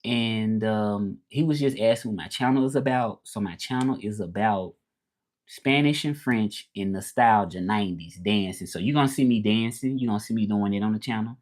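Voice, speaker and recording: A man with a Southern US drawl talks easily on a livestream, answering viewers at home. He is relaxed and chatty, and he says things twice and uses Southern slang. He is speaking as a language teacher who hosts his own channel. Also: fairly low pitch, moderate pace. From Memphis, Tennessee, United States. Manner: laid-back, chatty, repeats himself, Southern slang.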